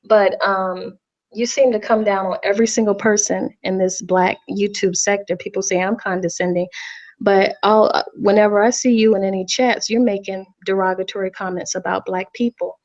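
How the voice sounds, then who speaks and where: A woman's voice: medium pitch, steady tone, moderate pace, darkish tone. A woman speaking in a middle register who sounds defensive and insistent, going back over the same words. Her voice comes through a muffled, lo-fi online voice chat. She argues her case in a heated discussion. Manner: defensive, insistent, repeats herself. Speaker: guest defending herself in a livestream debate.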